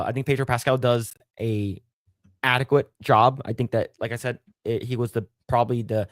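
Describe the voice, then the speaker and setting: A man's voice: mid-range voice, smooth, no echo, clean studio sound. A man hosting a casual podcast chat, rambling with lots of fillers and restarts. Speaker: podcast host.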